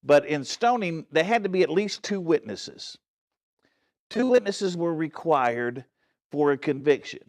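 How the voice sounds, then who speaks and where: A man's voice: a little high, very animated, a little slow. A man giving a Bible study sermon in a church. He speaks earnestly and with emphasis, often checks in with his listeners, and restarts and corrects himself as he goes. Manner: frequent restarts and self-corrections. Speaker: pastor teaching a Bible study.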